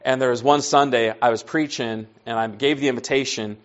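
A man preaching a sermon in a conversational storytelling way, acting out dialogue and dropping to soft asides. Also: mid-range voice, fairly even intonation, fairly quick, lo-fi sound.

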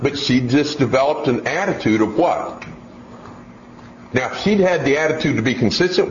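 A man teaching on child training in a sermon style, animated and acting out nagging parents. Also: mid-range voice, normal speed. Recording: echoey, dull lo-fi recording with faint hiss.

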